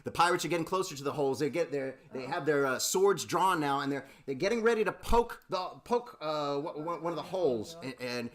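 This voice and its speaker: A man's voice: on the high side, expressive, a little fast, few pauses, a bit bright. A man narrating a tabletop role-playing game as game master, playful and laughing, with many fillers and restarts.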